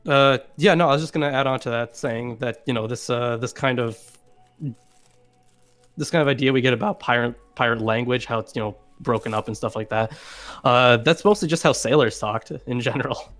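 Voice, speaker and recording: A man of middling pitch speaks as a guest in a relaxed online chat. He talks haltingly, with lots of fillers and restarts. Faint music plays behind him. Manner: hesitant, many fillers and restarts. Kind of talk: casual video-call chat.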